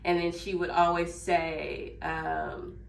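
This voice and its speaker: A Memphis, Tennessee woman with a Southern accent vlogs casually for her viewers while tidying her home kitchen. Her voice sits on the low side and is sing-song, and she speaks slowly. The mic is far away, giving a roomy, off-mic sound.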